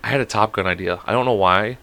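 A man's voice: lowish voice, quick pace. A young man co-hosting a podcast, telling stories in casual, profane chat with lots of swearing. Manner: animated storyteller, heavy swearing. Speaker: podcast co-host.

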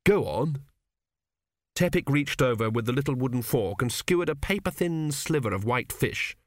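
Guy reading a comic fantasy audiobook, mid pitch, dead dry studio. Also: expressive, moderate pace, no room sound. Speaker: audiobook narrator. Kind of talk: scripted audiobook narration.

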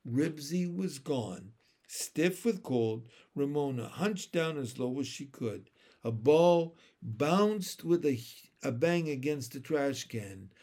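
A man reading a children's chapter book aloud in an expressive, unhurried way. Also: fairly high pitch. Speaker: storyteller.

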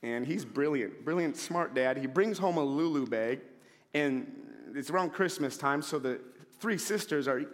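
A man in his thirties preaching a sermon in a church, telling stories and acting out shouted scenes. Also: medium pitch, a little slow. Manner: animated storyteller, acts out shouting scenes. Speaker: pastor. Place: church sanctuary. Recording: long hall reverb.

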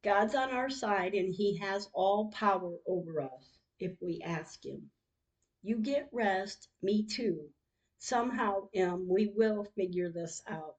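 A woman podcaster reads her text messages aloud, slowly and with deep feeling. Her voice sits at an ordinary middle pitch, and her delivery is emotional and heartfelt. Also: muffled recording. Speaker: podcast host.

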